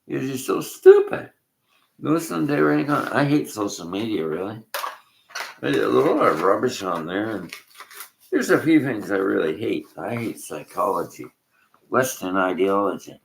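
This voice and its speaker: A man's voice: fairly low pitch, sing-song, unhurried, gravelly, echoey room, slight background noise. An older Canadian man delivering a blunt, cursing rant, laughing between complaints. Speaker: vlogger. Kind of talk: ranting monologue.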